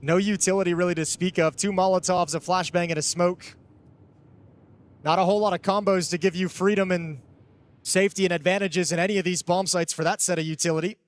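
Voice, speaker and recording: A man's voice: sits high, fairly even intonation, brisk. A man giving conversational color commentary on an esports match, analyzing at length with frequent restarts.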